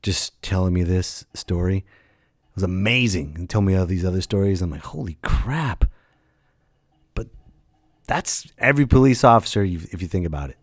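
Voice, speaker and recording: A fairly low-voiced man hosts his own comedy podcast, telling road stories in a relaxed, chatty monologue at a fairly quick pace. As a stand-up comedian, he often bursts into loud, animated impressions of the characters, and the recording is close and dry with no room sound.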